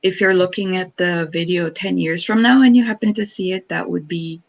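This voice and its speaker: A woman's voice: fairly low pitch, steady tone, moderate pace, creaky. A woman storyteller speaking as a guest in a casual chat, effusive and spiritual, with earnest pleading.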